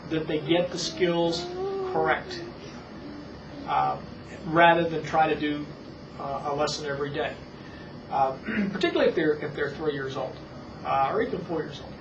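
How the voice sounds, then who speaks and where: Patient reading instructor on old tape. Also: mid-range voice. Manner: patient, repetitive drilling with slow exaggerated words. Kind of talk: demonstration lesson for parents. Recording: echoey, distant, muffled old tape with hiss.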